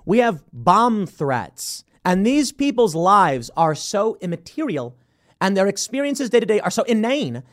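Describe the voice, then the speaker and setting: A man hosting a political commentary show, talking in an animated, sarcastic, combative way. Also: sits high, moderate pace. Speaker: host.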